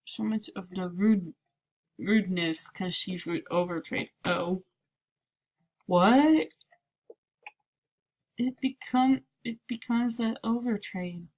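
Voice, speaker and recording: A woman's voice: medium pitch, slow pace, long pauses, a little mellow. A slightly sick woman chatting playfully through a casual gameplay commentary, slipping into whispered asides. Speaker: gameplay video creator.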